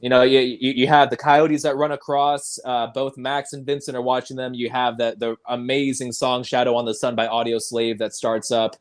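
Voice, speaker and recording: A man's voice: mid-range voice, little pitch movement, moderate pace, few pauses. Man, podcast host, casual movie chat, eager, laughs a lot, mid-range voice. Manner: enthusiastic, recaps scenes and laughs often. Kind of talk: casual film discussion.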